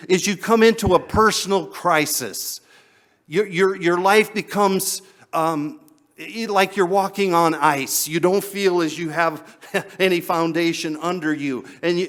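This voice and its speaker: A male pastor preaching a sermon in a conversational way, chuckling often and repeating words as he goes. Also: fairly high pitch.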